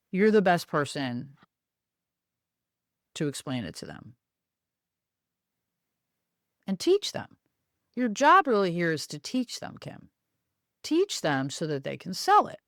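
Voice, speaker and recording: A woman voicing a patient, soft-spoken male marketing boss who explains things calmly, step by step. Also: low-pitched, vocal fry, no room sound, studio quality, exaggerated voice. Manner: calm, coaxing, explaining step by step.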